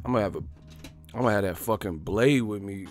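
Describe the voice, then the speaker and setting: A lowish-voiced man talks fast while hosting a live boxing stream, faint music behind him. His casual livestream chat is slangy, full of swearing and laughter, and he does voices.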